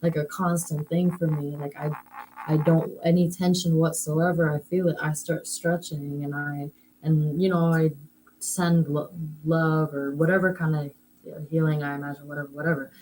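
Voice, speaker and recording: A woman's voice: low voice, level tone, moderate pace, a little mellow, a little hiss or hum, rough recording. A woman chatting casually, rambling and hesitant, with many fillers. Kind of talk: casual chat.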